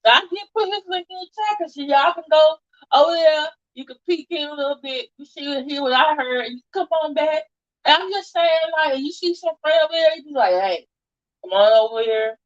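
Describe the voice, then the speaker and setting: A woman's voice: high-pitched, normal speed, muffled recording. A woman hosting an online audio chat room, talking casually and slangily straight to her listeners. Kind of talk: casual live-audio commentary.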